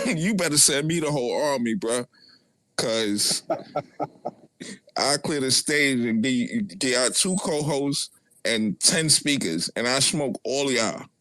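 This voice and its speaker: A man's voice: mid-range voice, expressive, slow, bright, forceful tone, dry recording. A man with a Brooklyn accent trash-talking a rival on a live audio chat in a taunting, profane, mocking way. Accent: Brooklyn New York.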